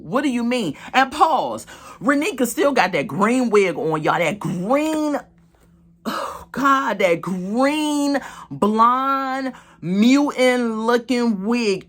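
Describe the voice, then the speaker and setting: A woman casually recapping a reality show episode, talking straight to her viewers and acting out what people said. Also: on the low side. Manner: animated storytelling, acts out quotes; chatty, laughs, talks to viewers as "y'all" and "girl".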